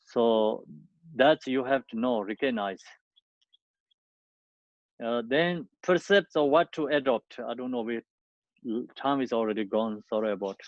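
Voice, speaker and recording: A man teaches the dharma in a slow, unhurried way, pausing often and filling the gaps as he gropes for words in halting, non-native English. His mid-pitched voice comes through a dull, muffled recording. The room sounds dry and close. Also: no room sound. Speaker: Buddhist teacher.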